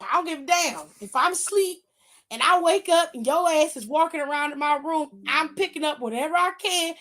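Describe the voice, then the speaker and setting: A woman with a high-pitched voice, co-hosting a live stream as casual chat. She talks in a loud, blunt, profane way and laughs a lot. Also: animated, brisk. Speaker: stream co-host.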